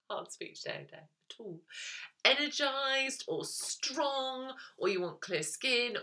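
Bright-voiced chatty woman podcaster. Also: lowish voice, creaky. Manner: chatty, rambling, with frequent ums and laughs. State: yawning, tired. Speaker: lifestyle coach podcast host. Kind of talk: casual solo podcast monologue.

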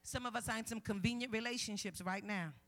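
A woman guest minister preaching a sermon at a women's conference, swinging from low asides to loud shouted calls, with playful jabs at the congregation. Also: fast, soft background music.

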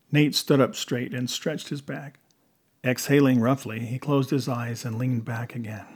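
Brief: male audiobook narrator, husky voice, measured reading, mid pitch. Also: fairly even intonation.

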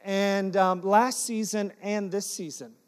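A man preaching a sermon, telling personal stories in an animated, self-deprecating way to his congregation. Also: high-pitched, slow, clear, resonant tone. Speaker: pastor. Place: church sanctuary. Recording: long hall reverb.

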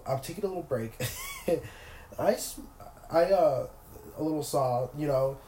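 Nasal, sick young man with a mellow voice. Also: a little high, moderate pace, echoey room, a little hiss or hum, low-quality recording. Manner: rambling, filler-heavy, self-interrupting. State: sick with a cold. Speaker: podcast host. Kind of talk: casual solo chat. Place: in bed at home.

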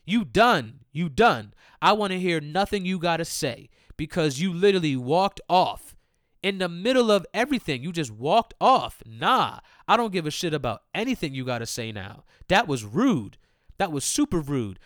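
A man hosts his own podcast in a casual solo rant, profane, heated and repetitive, speaking directly to his listeners. His voice is a little high and fairly bright, with big pitch swings at a moderate pace, in a dry recording with clean studio sound.

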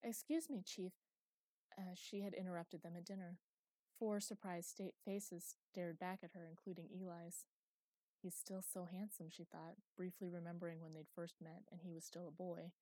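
Mellow low-voiced woman narrating. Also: level tone, moderate pace, no room sound. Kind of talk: audiobook narration.

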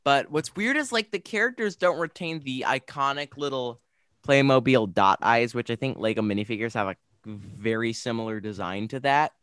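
A man's voice: mid-range voice, normal speed, fairly bright tone, smooth, no echo, studio quality. A young man co-hosting a casual podcast, talking enthusiastically and rambling with frequent restarts. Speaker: podcast co-host. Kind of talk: casual podcast chat about games.

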